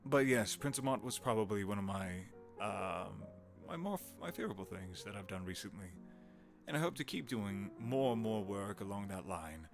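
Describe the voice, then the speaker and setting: A man's voice: on the low side, expressive, moderate pace, gravelly, faint music behind. A man in his thirties, a voice actor chatting casually and rambling on a live stream, greeting viewers.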